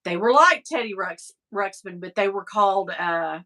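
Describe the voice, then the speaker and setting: Middle-aged Southern woman hosting a livestream, bright tone, rambling, casual cursing. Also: mid-range voice, animated, normal speed, few pauses. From American South. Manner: chatty, rambling, laughs often, swears casually. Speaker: livestream host reading chat. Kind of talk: casual chat.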